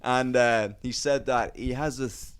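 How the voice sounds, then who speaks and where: A man's voice: mid-range voice, steady tone, a little slow, smooth. A man hosting a podcast, telling stories in casual chat, rambling with lots of "uh" and casual swearing. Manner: rambling storyteller, swears freely, many "uh"s. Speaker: podcast host.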